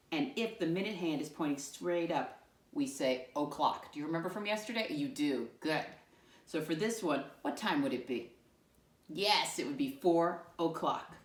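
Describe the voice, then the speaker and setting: A woman teaching young children, asking patient, sing-song questions. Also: low-pitched. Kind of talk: classroom lesson for young children. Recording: echoey room, mic far off.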